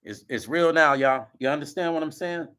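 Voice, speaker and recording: A man's voice: fairly high pitch, moderate pace, bright, forceful tone, clean tone. Choked-up man talking to his viewers. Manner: earnest, repeats himself, addresses viewers as y'all. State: choked up, near tears. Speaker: vlog host. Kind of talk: emotional direct-to-camera talk.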